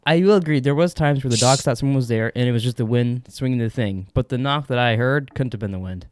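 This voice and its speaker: A man's voice: medium pitch, fast talker, darkish tone, no room sound, studio quality. A man co-hosting a podcast, rambling through a movie chat with laughs and swearing. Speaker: podcast co-host. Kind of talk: casual chat.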